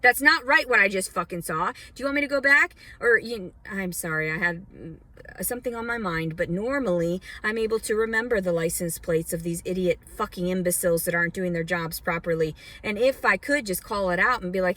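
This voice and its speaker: Outside a department store, a woman from Arkansas, USA, rants angrily into her phone for an angry rant vlog. Her mid-range voice is brisk, bright and forceful, and her heated, rambling delivery is thick with swearing.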